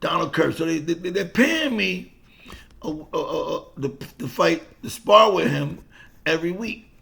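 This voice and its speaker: An older man and boxing coach, telling a story in an animated way, repeating himself and swearing freely. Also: on the high side, normal speed, creaky. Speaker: boxing coach and former fighter. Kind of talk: casual boxing talk to camera.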